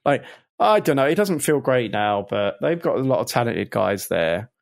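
A man co-hosting a podcast in casual chat, talking in a measured, thoughtful way. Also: mid-range voice, very animated, vocal fry, no echo, clean studio sound. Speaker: podcast co-host.

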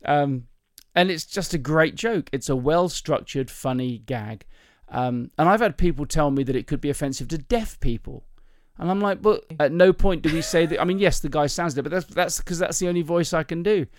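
A man's voice: a little high, normal speed, few pauses, no room sound, clean studio sound. A man hosting a podcast, chatting casually and telling jokes, rambling and laughing often. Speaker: podcast host. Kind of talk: casual chat, joke telling.

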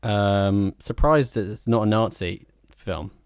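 A man co-hosting a podcast, joking in a deadpan way and swearing freely. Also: fairly low pitch, slow, smooth, dry recording, clean studio sound. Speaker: podcast co-host. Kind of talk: casual chat.

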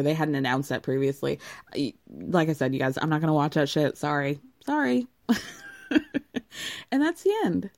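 A woman's voice: fairly low pitch, mellow. A woman hosting a casual recap of reality TV, chatty and giggly, cursing now and then. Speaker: podcast host recapping reality TV. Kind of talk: casual chat.

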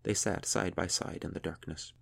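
A man narrating an audiobook chapter in a measured, steady way. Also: low voice, gravelly.

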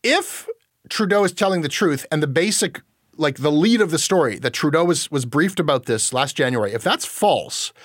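A man hosting a news commentary show, animated and incredulous, swearing casually. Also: a little high, dry recording, clean studio sound. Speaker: podcast host. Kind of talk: opinionated news commentary chat.

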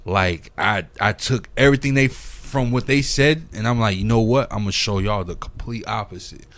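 A man's voice: on the low side, moderate pace, a bit bright. A man from Minnesota, a music producer, talking as a guest on a podcast in a loose, profane storytelling way. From St. Paul, Minnesota, USA. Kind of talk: casual podcast conversation.

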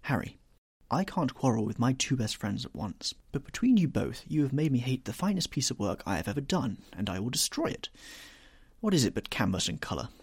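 A man reading the part of an earnest gentleman painter, pained and pleading. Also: mid-range voice, big pitch swings, brisk, breathy edge, no room sound, clean studio sound, voice pushed up. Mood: troubled.

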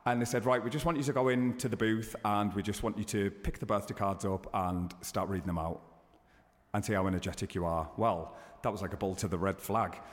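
A man in his thirties, a guest chatting in an interview, telling stories with sudden high excited bursts. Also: a little fast, long reverb tail. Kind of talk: casual interview chat.

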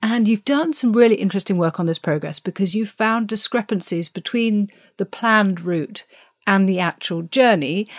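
A woman hosting a history podcast, measured as she guides the conversation. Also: on the low side, dry recording, clean studio sound. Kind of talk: podcast interview.

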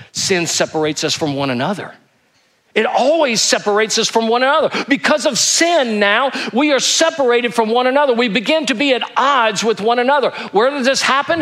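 A man's voice: very high voice, lively intonation, moderate pace, fairly bright tone. A male pastor preaching a sermon, emphatic, asking rhetorical questions and reading scripture aloud.

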